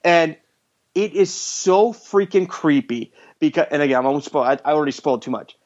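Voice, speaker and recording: This male podcast host, his voice a little high and fairly quick, casually recaps a horror movie's story. He gets animated and acts out what the characters say, recorded with dull lo-fi audio.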